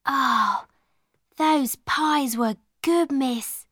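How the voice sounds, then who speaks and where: A woman's voice: sits high, extremely slow, a bit bright, no room sound, clean studio sound, heavily acted. A woman voicing a timid young servant girl who asks eager, breathless questions. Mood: amazed.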